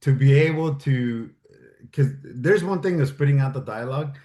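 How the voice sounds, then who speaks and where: A man talking casually in an interview, lively and animated, acting out bits of dialogue and swearing freely. His voice sits at a middle pitch and carries a noticeable roomy echo. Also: moderate pace. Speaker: guest, military advisor and stuntman. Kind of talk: casual storytelling chat.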